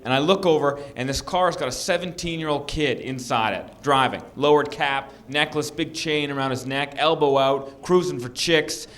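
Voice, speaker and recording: A man performing a stand-up comedy set, telling animated stories and acting out shouting characters. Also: on the high side, normal speed, hardly any pauses.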